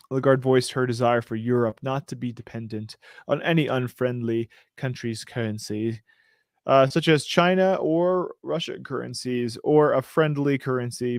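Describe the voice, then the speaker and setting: A man's voice: medium pitch, no room sound, clean studio sound. A man hosting a casual show, reading news items and riffing on them with jokes. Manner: joking, riffing asides while reading. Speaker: show host.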